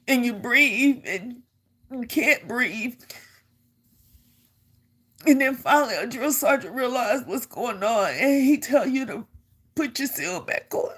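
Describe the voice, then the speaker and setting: A woman's voice: on the high side, fairly bright tone, husky. An older woman, an army veteran, telling a personal story in an earnest way and repeating phrases for emphasis.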